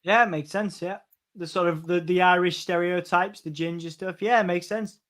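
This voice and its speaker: A man with a high, somewhat bright voice and a steady tone co-hosts a casual wrestling watch-along. He stammers into restarts and gives quick play-by-play calls of the moves as they happen.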